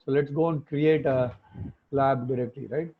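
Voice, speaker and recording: A man's voice: mid-range voice, steady tone, moderate pace, husky. A man teaching an online class, explaining things step by step and often checking with tag questions. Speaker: instructor. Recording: phone-like muffled call audio.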